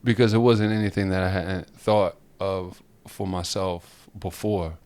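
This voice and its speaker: A man co-hosting a podcast, chatting casually and telling an animated, rambling story with frequent laughter. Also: low voice, a little slow. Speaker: podcast co-host. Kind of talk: casual chat.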